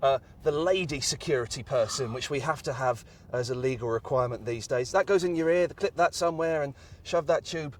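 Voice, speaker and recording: A man's voice: medium pitch, brisk, few pauses, a little hiss or hum. An English man hosting a comic show on location, sarcastic and teasing in his banter. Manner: sarcastic, mock-posh banter. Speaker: host.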